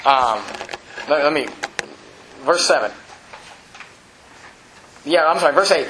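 A man preaching a sermon as pastor, with animated, emphatic repetition. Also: fairly high pitch, measured pace, pauses often, echoey room, slight background noise, low-quality recording.

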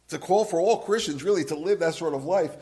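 Man preaching with hushed-to-loud swings. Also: on the high side. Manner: dramatic swings from loud emphasis to hushed, drawn-out words; asks the congregation direct questions. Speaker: pastor. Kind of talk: sermon.

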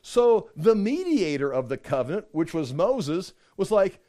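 A male preacher with a high-pitched voice delivers an animated sermon. He reads scripture and breaks into quick acted-out asides to make his points. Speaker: pastor.

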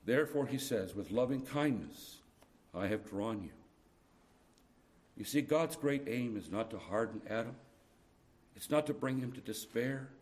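Middle-aged male preacher, earnest sermon delivery, lively pitch swings from hushed to urgent.

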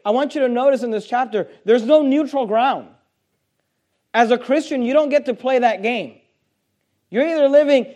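A man's voice: sits high, darkish tone. A man preaching a sermon, reading scripture aloud and explaining it emphatically with rhetorical questions. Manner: rhetorical questions, frequent restarts. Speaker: pastor.

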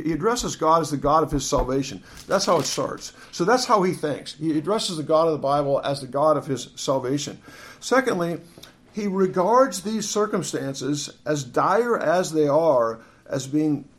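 A man delivers an earnest teaching sermon in a somewhat high-pitched voice. He reads verses aloud and often doubles back to restart his phrases as he explains them. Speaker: preacher. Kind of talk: expository sermon.

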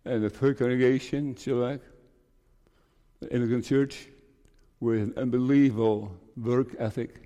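A man's voice: medium pitch, fairly even intonation, moderate pace, mellow. A man, preaching a farewell sermon as a pastor, earnest and repeating phrases for emphasis. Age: 60s. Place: church sanctuary. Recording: long church reverb.

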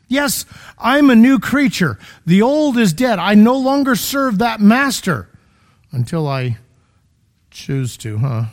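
A man preaching a sermon in a conversational, emphatic way, full of rhetorical questions, in a church. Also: high-pitched.

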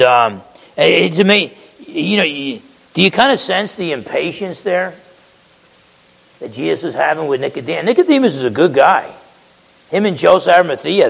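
A man's voice: mid-range voice, creaky, a bit bright, big-room sound, low-quality recording. A man preaching a sermon in a conversational way, acting out quotes and often restarting his words.

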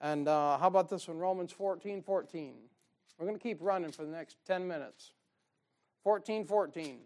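High-voiced, fired-up preacher. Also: male voice, moderate pace. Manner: folksy, joking, fired-up preaching with sudden loud bursts. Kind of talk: sermon.

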